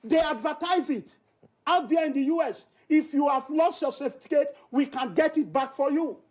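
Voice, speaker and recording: A woman's voice: sits high, normal speed, darkish tone. A woman speaking confidently and assertively as a guest on a TV panel. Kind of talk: TV panel talk.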